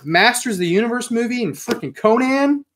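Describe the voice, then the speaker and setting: A man hosting a casual live stream, reading out viewer comments with excitable, mildly profane chatter. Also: extremely high pitch, fairly quick, slight background noise. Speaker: host of a live toy and comics stream.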